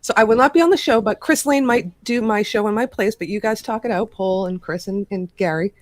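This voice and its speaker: A woman's voice: mid-range voice, fairly quick, no echo. A middle-aged woman co-hosting a casual livestream chat. She is chatty and laughs easily. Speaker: co-host.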